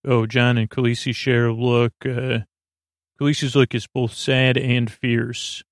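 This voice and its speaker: Guy with a gravelly voice rambling through a tv episode recap for a sleep podcast, dry close sound, very flat delivery. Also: mid-range voice, a little slow, dry recording. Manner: meandering, hesitant, thinking aloud. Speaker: podcast host.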